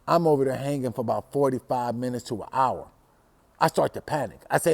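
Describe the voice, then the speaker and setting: A man from Los Angeles hosting a storytelling show, telling a personal story in a casual, profane way that swings from hushed to loud. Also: mid-range voice, fairly quick, vocal fry. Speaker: storytelling host.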